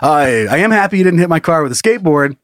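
A man's voice: expressive, fast, no echo, studio quality. Profane storytelling podcast man. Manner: profane storytelling with high-pitched impressions of others. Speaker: podcast co-host. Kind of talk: casual podcast chat.

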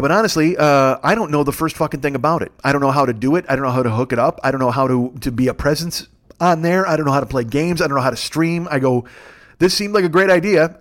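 A man in his fifties, a comedian and podcast host, telling a rambling, profane story with exasperated rants. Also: medium pitch. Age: 50s. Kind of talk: storytelling monologue.

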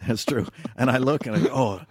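Man, casual chat, playful storyteller, mid pitch, dry studio sound. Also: fairly quick, breathy edge, no room sound. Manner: playful storyteller, slips into silly put-on voices. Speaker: podcast guest.

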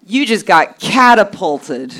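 A woman with a lively, animated voice banters as a contestant, wry and self-mocking. She giggles through her own jokes. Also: mid-range voice, takes it slowly. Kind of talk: casual comedy podcast banter.

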